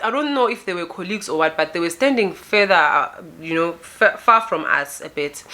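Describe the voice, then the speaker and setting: South african girl telling a storytime, bright voice, super animated. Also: mid-range voice. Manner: animated, dramatic storytelling with filler tags. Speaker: vlogger. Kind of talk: storytime vlog.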